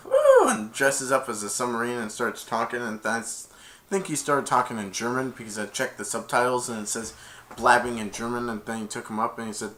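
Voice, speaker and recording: Casual film reviewer, rambling retelling, animated pitch. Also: male voice, a little fast. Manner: rambling, lots of "and then".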